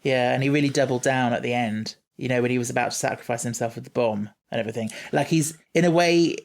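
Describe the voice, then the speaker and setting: Fast-talking and gravelly, a male podcast co-host gives a casual, thoughtful take on a TV series, peppered with fillers and restarts. His pitch is medium.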